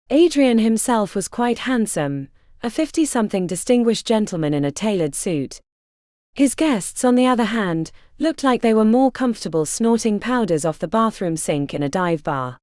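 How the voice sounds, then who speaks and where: A woman narrating a fantasy audiobook in a measured, expressive storytelling manner, close to the mic. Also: medium pitch, no room sound. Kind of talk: scripted narration.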